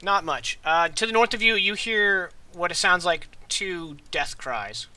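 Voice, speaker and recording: Bright, animated man running a tabletop game. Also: sits high, a little hiss or hum, rough recording. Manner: animated, rushes into shouted NPC lines. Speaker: game master.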